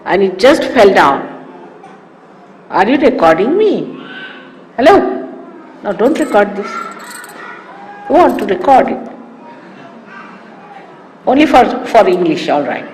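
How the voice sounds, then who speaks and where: A woman's voice: medium pitch, sing-song, slow, pauses often, a little mellow. An older woman with an Indian accent, a spiritual teacher telling stories to followers in a conversational, chuckling way, in an old archival recording. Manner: conversational storytelling, chuckling asides. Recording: archival hall recording with faint hiss.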